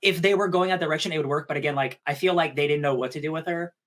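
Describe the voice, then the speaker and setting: A man's voice: a little high, very fast, fairly bright tone. A man co-hosting a podcast, chatting casually about a movie and agreeing often. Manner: easygoing, agreeable, frequent yeahs. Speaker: podcast co-host. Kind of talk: casual chat.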